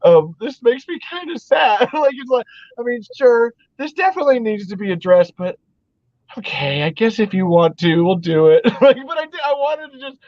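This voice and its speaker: A man's voice: high voice, big pitch swings, moderate pace, darkish tone, dry recording, dull audio. A man hosting a casual podcast chat, rambling with lots of "like" and frequent swearing. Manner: rambling, swears a lot, heavy use of "like". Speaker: podcast host.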